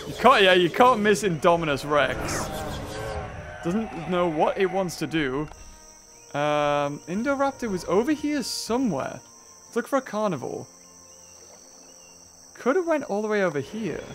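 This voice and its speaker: A British man commentating on a dinosaur park game, breaking into excited shouts and laughter. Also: sits high, noisy background. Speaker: gaming YouTuber. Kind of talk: excited let's-play commentary.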